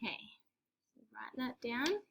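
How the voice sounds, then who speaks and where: Slow, bright-voiced woman teacher. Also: on the high side, expressive, a little hiss or hum. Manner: slow, clear, encouraging teacher talk with prompts and praise. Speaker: primary school teacher. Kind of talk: recorded spelling lesson for young children.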